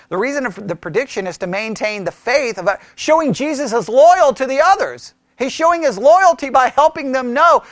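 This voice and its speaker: A man leading a Bible study, his pitch swinging widely as he asks questions and thinks aloud. He restarts his sentences often in a casual teaching style. The sound is dry and close. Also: fairly bright tone, no room sound.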